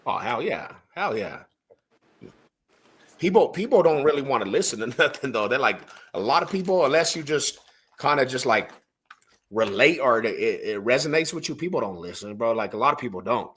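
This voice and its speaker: Husky-voiced man telling street stories. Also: mid-range voice, sing-song, normal speed, fairly bright tone. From Denver, Colorado. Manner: slangy, rambling, peppered with "bro" and "homie". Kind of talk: casual podcast storytelling.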